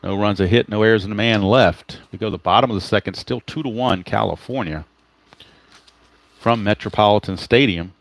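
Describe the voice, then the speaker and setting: Rolling dice and reading player cards, a man calls the plays of a tabletop baseball game in a fairly quick, lowish voice with no echo. Now and then he stops to say hello to live chat viewers or fix his own mistakes.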